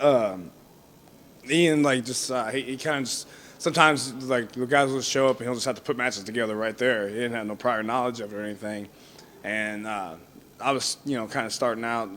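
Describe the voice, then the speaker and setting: A young wrestler rambles through stories in a casual interview, his mid-range voice fairly bright in tone. He leans heavily on fillers like "you know what I mean" and laughs often as he talks.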